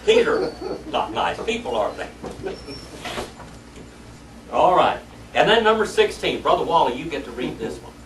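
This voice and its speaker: A man leads a lively Bible lesson in a church Sunday school classroom, narrating the story in folksy, everyday language. He speaks at a moderate pace with long pauses, in a slightly bright, high-leaning voice with big pitch swings, captured by a distant mic in an echoey room with faint noise.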